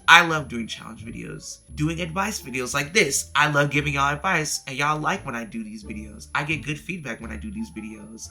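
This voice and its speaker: A man's voice: mid-range voice, creaky, bright, forceful tone. A young man in a casual sit-down vlog, giving channel advice in a chatty way full of "like" fillers and direct tips to viewers. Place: indoors at home, dim room.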